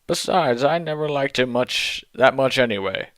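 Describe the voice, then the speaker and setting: A man's voice: mid-range voice, lively intonation, moderate pace, fairly bright tone, dry recording, lightly acted. A man voicing a sneering, cranky old wizard headmaster in a comic read-aloud, with snappy, dismissive lines. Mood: contemptuous.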